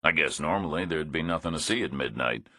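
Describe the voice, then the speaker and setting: A male narrator playing a big, laconic drifter who talks in a calm, dry, matter-of-fact way. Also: rumbling low, a little fast, slightly rough, dry recording, exaggerated voice.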